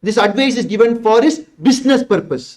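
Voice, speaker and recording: Tamil Indian male lecturer, quick, high-pitched, drills the class with questions. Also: animated, a little mellow. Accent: Indian English, Tamil. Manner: emphatic, repeats words, asks the class rhetorical questions. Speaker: teacher. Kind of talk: exam revision lecture.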